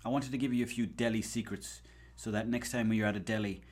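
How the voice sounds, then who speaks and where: A man's voice: on the low side, steady tone, fast talker, darkish tone. An Irish man hosting a podcast, rambling through a comic story, swearing and acting out bits of dialogue. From Ireland. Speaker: podcast host. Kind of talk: casual comedic monologue.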